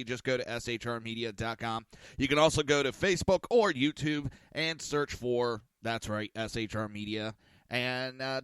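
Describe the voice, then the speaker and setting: A man's voice: mid-range voice, a bit bright, clean tone, no room sound, studio quality. A man hosting a casual talk podcast, rambling and swearing in an exasperated tone. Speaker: podcast host. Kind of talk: casual ranting talk show.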